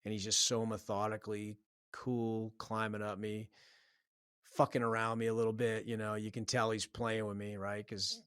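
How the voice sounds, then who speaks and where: A man with a fairly low voice delivers a blunt, heavily profane pep talk as a solo podcast host. His sound is close and completely dry, with no room around it. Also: flat delivery, moderate pace, a bit bright, clean tone, no room sound. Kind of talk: solo motivational podcast monologue.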